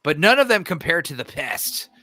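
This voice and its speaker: A man's voice: fairly high pitch, sing-song, moderate pace, bright, forceful tone, no room sound, studio quality. A man hosting a casual podcast chat, rambling, laughing often and swearing casually, his throat a little sore. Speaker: podcast host.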